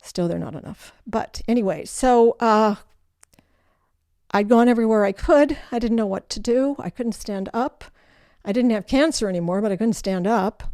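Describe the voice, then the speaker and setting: An older woman, the guest in an interview, telling her life story in an animated way and acting out the voices of people in it. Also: a little high, moderate pace, no room sound, clean studio sound. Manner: animated storyteller who acts out quoted voices.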